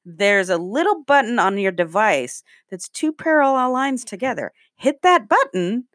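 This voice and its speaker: A woman's voice: on the high side, very animated, normal speed, fairly bright tone, dry recording, studio quality. A woman co-hosting a podcast, chatting casually in a playful, rambling way and laughing often. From rural area. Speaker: podcast co-host. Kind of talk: casual chat.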